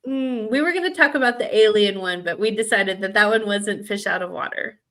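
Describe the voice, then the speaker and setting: A woman's voice: medium pitch, brisk, a bit bright. A woman from the American South co-hosting a romance writing podcast, talking in a chatty, rambling way with lots of fillers. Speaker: podcast co-host and romance author. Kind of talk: casual chat.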